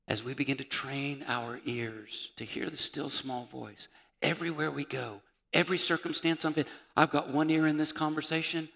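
A man preaching a sermon as pastor, moving between loud calls and hushed, near-whispered passages. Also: fairly high pitch, steady tone, normal speed, vocal fry. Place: church sanctuary. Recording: church sanctuary with long reverb.

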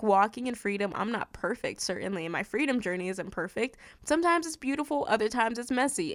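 A heartfelt, encouraging woman hosts her faith podcast alone at the mic. Her voice sits at an ordinary middle pitch. The recording is close and dry, with no room sound around her. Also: clean tone, no echo. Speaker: podcast host. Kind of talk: faith-based podcast monologue. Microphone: studio microphone.

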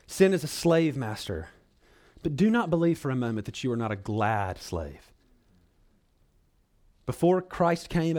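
Earnest in tone, a male pastor speaks to his congregation as brothers and sisters during a sermon. His delivery rises to loud pleading, then sinks to hushed, low moments.

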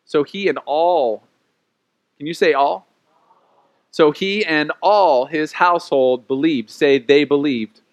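A man preaching a sermon in a lively, conversational way, with playful acted asides. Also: fairly high pitch, takes it slowly. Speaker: pastor.

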